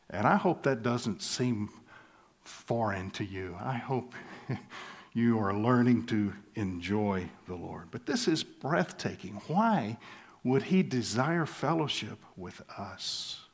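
A pastor from the States, preaching an expository sermon in an earnest, emphatic way, slowing to hushed pauses and soft chuckles. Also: male voice, medium pitch. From southern United States.

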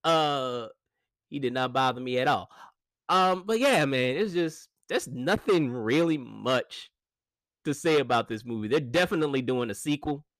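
A man casually reviewing a movie, animated and chatty, laughing often and restarting his sentences. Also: medium pitch, moderate pace, no room sound.

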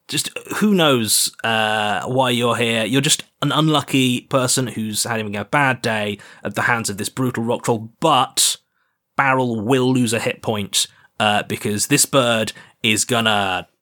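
A man's voice: mid-range voice, sharp tone. A man narrating as game master, easygoing and hesitant with frequent fillers.

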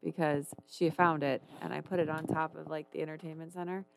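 A woman in her thirties, a podcast co-host chatting casually, blunt and quick to swear. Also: sits low, level tone, vocal fry. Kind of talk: casual chat.

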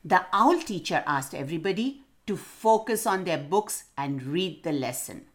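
A woman's voice: on the low side, normal speed. A woman narrating a children's story and asking the listening children questions. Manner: expressive, addresses children directly.

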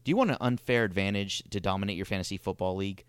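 A man reading a sponsor ad in a quick, upbeat sales pitch. His voice is fairly low, smooth and resonant. It is recorded dry and close. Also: no echo. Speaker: podcast co-host. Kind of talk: ad read.

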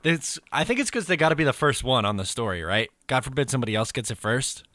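A man's voice: mid-range voice, sing-song, fast talker, pushed and bright, dry recording. A man co-hosting a casual sports podcast, speaking in an earnest, agreeable way. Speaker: podcast co-host.

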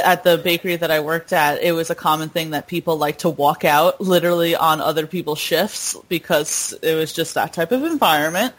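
A woman's voice: fairly low pitch, a bit bright, low-quality recording. A woman telling a story in casual podcast chat, laughing often and using many fillers.

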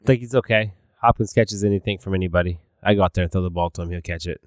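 Smooth, low-voiced laid-back male co-host. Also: racing, no room sound. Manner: laid-back and terse, answers in short lines. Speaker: podcast co-host. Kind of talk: casual chat.

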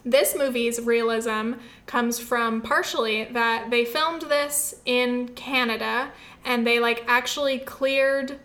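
A chatty young woman talks through her week of films in a loose, rambling way, full of fillers and restarts. Her voice sits a little high and sounds bright and forward. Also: steady tone, slow. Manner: chatty, rambling, many fillers and self-corrections. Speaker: film review podcaster. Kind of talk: casual film review chat.

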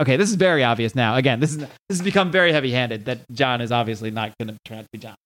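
A man hosting a podcast, retelling a comic story in a relaxed, chatty way. He swears freely and reads the characters' lines in loose put-on voices before sliding back into his own easy tone. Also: medium pitch, very fast, few pauses. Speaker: podcast host recapping a comic. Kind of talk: casual recap with read-out dialogue.

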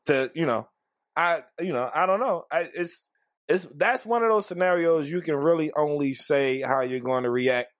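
A man co-hosting a casual podcast, profane and joking, breaking into loud acted-out bits. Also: fairly high pitch, normal speed, dry recording, clean studio sound. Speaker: podcast co-host.

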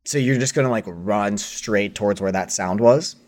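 A man's voice: fairly low pitch, moderate pace, darkish tone. A man narrating as game master in casual, hesitant speech full of fillers.

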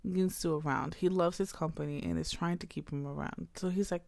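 Gravelly casual woman recapping a plot. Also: on the low side, darkish tone, no room sound. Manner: casual, profane, quick asides.

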